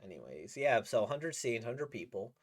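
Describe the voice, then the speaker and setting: A man rambles through a casual reaction to a comic he is reading, keen and quick to laugh. His pitch sits in the middle but swings widely as he talks. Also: sing-song. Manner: rambling, enthusiastic, laughs often. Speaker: manga reaction host.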